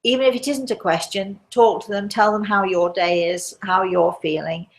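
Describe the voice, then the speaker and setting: A woman hosting a live show as a medium, gently reassuring listeners and calling them darling. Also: medium pitch, fairly even intonation, normal speed.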